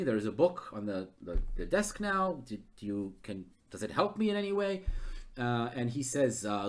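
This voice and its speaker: A man runs a gamebook live, thinking out loud as he maps the route. His voice swings widely in pitch around a middle register, and he gets excitable. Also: normal speed. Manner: thinks aloud, excitable and animated. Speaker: game master. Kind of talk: live-streamed gamebook narration.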